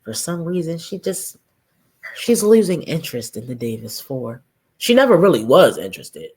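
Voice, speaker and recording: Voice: medium pitch, big pitch swings, moderate pace, darkish tone, husky. A reaction host giving sarcastic commentary on a vlog clip, teasing the people in it and speaking straight to viewers.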